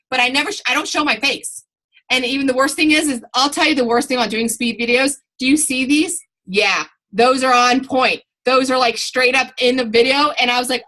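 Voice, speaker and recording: A woman at home, chatting casually to camera as a sales consultant, animated and full of fillers. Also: fairly high pitch, low-quality recording. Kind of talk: casual tips chat to camera.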